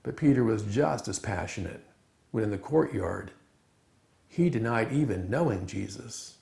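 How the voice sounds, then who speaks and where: Man preaching with a gravelly, animated voice. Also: fairly low pitch. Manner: animated storytelling with dramatic emphasis. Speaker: chapel speaker. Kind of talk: sermon. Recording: roomy echo.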